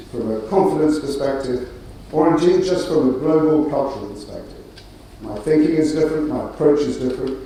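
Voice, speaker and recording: A middle-aged man delivers a ceremonial address with a mellow, relaxed tone and a dry, self-deprecating wit, pausing on small fillers. His voice carries from a distance through a very echoey auditorium. A faint murmur of the room sits underneath. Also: mid-range voice, a little hiss or hum. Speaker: graduation speaker. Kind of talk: ceremonial speech. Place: large auditorium. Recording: roomy hall, distant mic, faint ambience.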